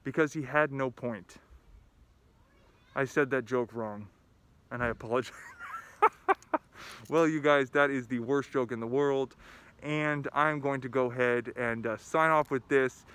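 A man's voice: medium pitch, fairly even intonation, moderate pace, a bit bright, clear, resonant tone. A man who is a school principal, talking upbeat and enthusiastic in a video message to students and telling corny jokes.

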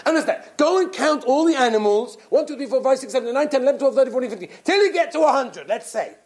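Male rabbi lecturer, high and very animated, warm storytelling delivery repeats. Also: quick pace. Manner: animated, repeats words while telling stories. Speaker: rabbi giving a Torah talk.

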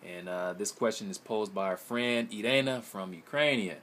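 Low-voiced man rambling with many ums. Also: normal speed, fairly bright tone, a little hiss or hum. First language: English. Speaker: language-learning vlogger. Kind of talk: casual video response.

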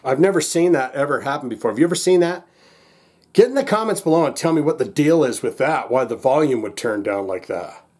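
A man's voice: mid-range voice, expressive, a little fast, a little mellow, breathy edge. A man hosting a casual reaction vlog, agitated and exasperated, rambling with lots of restarts and swearing. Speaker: music reaction channel host.

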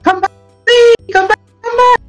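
A man voicing a cute, excitable young girl in a squealing falsetto. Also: moderate pace, faint music behind. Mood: pleading.

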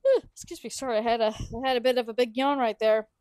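A woman's voice: a little high, fast, darkish tone, smooth, no room sound, clean studio sound. A young woman hosting a casual game livestream, chatting and giggling with viewers and breaking into yawns. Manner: giggly, chatty, yawning between sentences. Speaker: streamer and game host. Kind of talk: casual livestream chat while playing.

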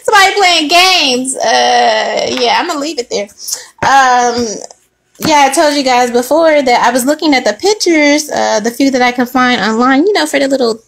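A woman's voice: high-pitched, normal speed, vocal fry. A young woman reading tarot in a casual, slangy chat, laughing often as she talks to her viewers. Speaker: tarot reader.

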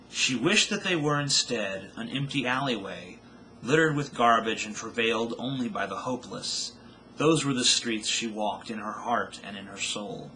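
A man's voice: mid-range voice, sharp tone, a little hiss or hum, poor audio. A man reading his own novel aloud with dramatic storytelling narration.

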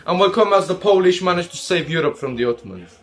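A high-voiced man rants as a comic commander, hosting a comedic history commentary. He talks fast and animatedly, calling listeners "comrades" in nearly every line, crude and jokey, breaking into laughter and silly asides.

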